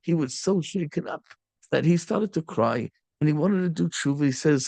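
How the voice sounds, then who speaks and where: Rabbi preaching: male, high and gravelly, animated storyteller, dry close sound. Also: moderate pace, dry recording. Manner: animated storyteller, mixing in Yiddish and Hebrew terms. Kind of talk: sermon storytelling.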